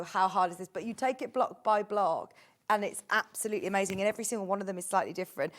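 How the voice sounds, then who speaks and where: Gushing chatty woman presenter. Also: medium pitch. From England. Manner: gushing, chatty, reads out viewer messages. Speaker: shopping channel presenter. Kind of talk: live sales chat. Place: TV studio.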